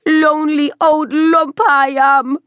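A woman voicing a lonely, simple-minded male ogre who longs to dance, speaking slowly in broken, childlike grammar in a children's audiobook. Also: high voice, flat delivery, fairly bright tone, no room sound. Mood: plaintive, hopeful.

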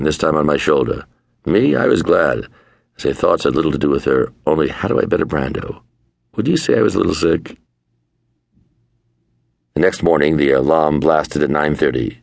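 Very deep gravelly older man. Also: no echo. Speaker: author narrating his memoir. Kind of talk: audiobook memoir narration. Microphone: close studio mic.

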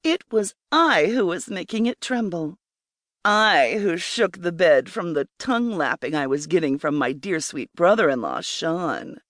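A woman reads a first-person erotic story in a slow, breathy, intimate voice. Her pitch rises and falls expressively. The recording is dry and close, with no room sound. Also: very animated, a bit bright, no room sound. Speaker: audiobook narrator.

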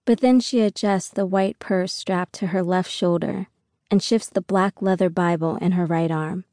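Mellow, lower-voiced woman narrating an audiobook. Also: steady tone, moderate pace, dry recording, clean studio sound. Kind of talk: first-person audiobook narration.

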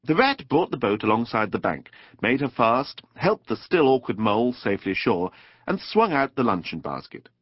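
A man narrating a children's storybook audiobook in an expressive, playful, animated way. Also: medium pitch, normal speed, breathy edge, no room sound. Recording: dull dry studio recording.

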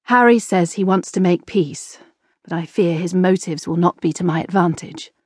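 A woman's voice: lowish voice, moderate pace, slightly rough, no echo, studio quality. A woman reading an audiobook, voicing a proud, strong-willed middle-aged queen who speaks firmly and defiantly. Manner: firm, defiant, clipped.

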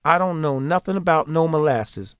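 A male audiobook narrator voicing a calm, plainspoken rural father. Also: fairly high pitch, moderate pace, smooth, no echo, clean studio sound, voice pushed up, close to an everyday voice. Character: calm poor rural father denying a charge.

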